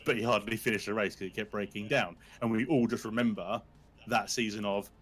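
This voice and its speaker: A man, a guest on a casual live-stream chat, teasing and quick with a quip. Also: fairly low pitch, steady tone, fairly bright tone. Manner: teasing, laughs often, quick quips.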